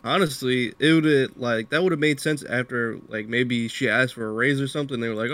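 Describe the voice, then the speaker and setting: A man's voice: medium pitch, normal speed, hardly any pauses, fairly bright tone. Laid-back man joking on a podcast. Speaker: podcast co-host. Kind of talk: casual podcast chat.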